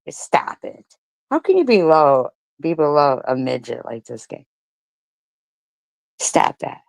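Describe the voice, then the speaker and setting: Gravelly low-voiced woman ranting. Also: no echo. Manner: profane, mocking and combative; sarcastic asides and rhetorical questions. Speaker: commentary streamer. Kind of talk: ranting commentary on comments read aloud.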